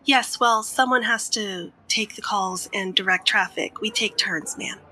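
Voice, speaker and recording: A woman's voice: mid-range voice, a little slow, bright, forceful tone, slight background noise, rough recording. A woman voicing a stubborn small-town nurse who stays sugary-polite, calling people honey and ma'am. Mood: firm.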